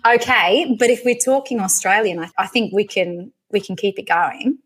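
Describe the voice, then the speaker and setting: A woman's voice: mid-range voice, moderate pace, a bit bright. A young woman hosting a podcast, chatting casually and laughing easily with a friend. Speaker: podcast host. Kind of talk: casual chat.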